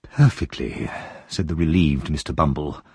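A man with a very deep, breathy, husky voice reads a story aloud in a measured way. His delivery has lots of expressive rise and fall. The sound is dry and close with no room echo. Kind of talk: scripted story narration.

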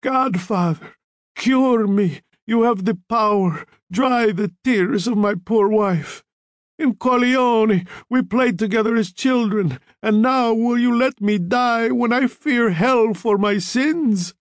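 A man's voice: high voice, animated, slow pace, darkish tone, slightly rough, no room sound, clean studio sound, pitched above the performer's own voice, heavily acted. A man reading a book aloud, voicing a feverish dying old man who begs and cries out for help. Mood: desperate. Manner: desperate pleading, crying out.

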